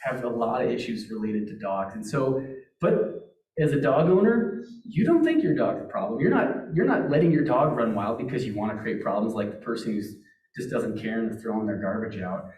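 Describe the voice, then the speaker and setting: A man's voice: medium pitch, animated, normal speed, darkish tone. A man from Montana giving a conversational public talk at a meeting, telling stories with frequent restarts. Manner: conversational storytelling with many restarts. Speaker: wildlife agency speaker. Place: meeting hall. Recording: roomy echo, distant mic.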